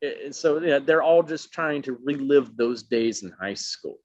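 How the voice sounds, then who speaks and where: In a casual interview, a middle-aged actor from Alabama, USA, tells animated stories, voicing the people he quotes in many different ways. He speaks at a measured pace in a mid-range voice. The lo-fi sound is dull and dry, with no room sound.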